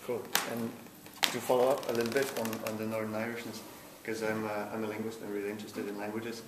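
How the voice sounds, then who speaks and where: A man's voice: fairly low pitch, level tone. A man interviewing a guest, asking careful questions with hesitant restarts. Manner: hesitant, measured. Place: convention venue. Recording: noisy, echoey, from a distance.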